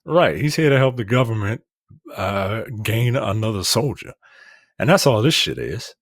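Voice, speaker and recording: A man's voice: lowish voice, animated, normal speed, no room sound, clean studio sound. A man co-hosting a casual film review chat, blunt and profane, rambling with lots of fillers. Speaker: podcast co-host.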